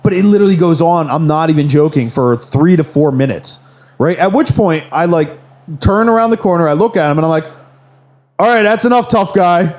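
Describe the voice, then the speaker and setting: A man co-hosting a podcast, telling a profane, animated anecdote in casual chat. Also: fairly high pitch, a little fast. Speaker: podcast co-host.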